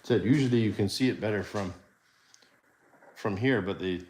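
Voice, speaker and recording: A man hosting a casual livestream, touring his home garage in a halting way, with many fillers and self-corrections. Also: fairly low pitch, a little mellow, a little hiss or hum. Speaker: livestream host.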